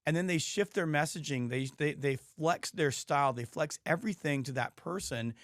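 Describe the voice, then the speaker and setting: A man hosting a podcast interview, hoarse, talking emphatically and telling stories with frequent restarts. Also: a little high, normal speed, no room sound, clean studio sound. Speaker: podcast host. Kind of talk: casual interview chat.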